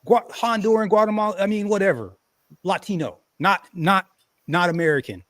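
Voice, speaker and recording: A man casually telling a profane story on a podcast, animated and acting out quotes loudly. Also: high-pitched, normal speed, dry recording, studio quality. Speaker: podcast host.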